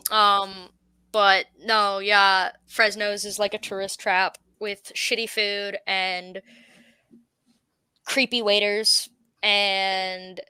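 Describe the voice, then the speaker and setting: A young woman from Canada, bubbly and casual, chatting about her animated series and swearing now and then. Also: medium pitch, smooth, no room sound. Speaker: creator of an animated series, guest. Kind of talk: casual interview chat.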